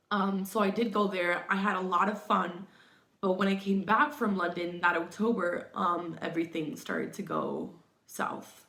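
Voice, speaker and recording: A woman's voice: on the low side, fairly bright tone. A young woman vlogger telling a personal story in a confessional way, hesitant and repetitive, with many fillers and restarts. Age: young adult. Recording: echoey room.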